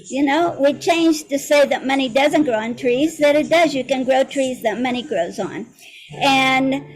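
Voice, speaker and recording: High-pitched woman on a group call, earnest storytelling. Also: low-quality recording. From United States. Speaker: community member sharing a story. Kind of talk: casual testimonial on a group call.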